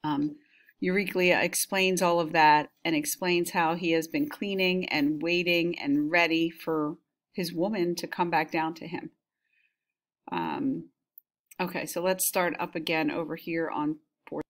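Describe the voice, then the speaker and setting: A woman's voice: low-pitched, steady tone, a little slow. A woman teacher explaining a text she has just read, in a casual way with frequent "right?".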